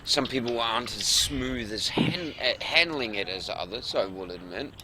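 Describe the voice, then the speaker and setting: A man's voice: mid-range voice, normal speed, pushed and bright. A man chatting casually on a gaming stream, boastful and profane, with frequent ums. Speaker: gamer on a voice chat stream. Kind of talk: casual chat about a space game.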